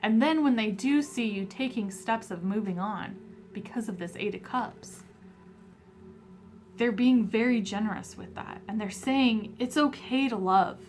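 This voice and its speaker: A woman giving a pick-a-card tarot reading, emotional and hesitant, with many fillers, softly voicing messages from the other side. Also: on the high side, a little slow, faint music behind.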